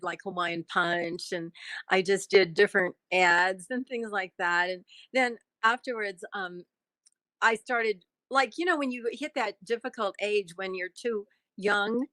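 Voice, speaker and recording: A woman's voice: medium pitch, normal speed, sharp tone, dry recording. A middle-aged woman, an actress being interviewed, chatting casually and laughing often. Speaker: actress and guest.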